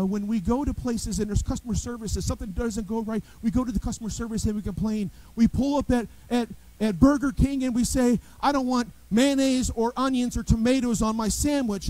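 A man with a high voice preaches a sermon from the pulpit of a church. He tells everyday stories with rising emphasis and often restarts his words mid-phrase. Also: no echo, low-quality recording. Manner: animated storytelling preacher, repeats and restarts words. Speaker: pastor. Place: church sanctuary.

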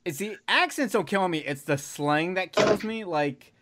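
A man hosting a podcast, chatting casually in a profane, animated way. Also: sits high, unhurried, a loud crowd. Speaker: podcast host.

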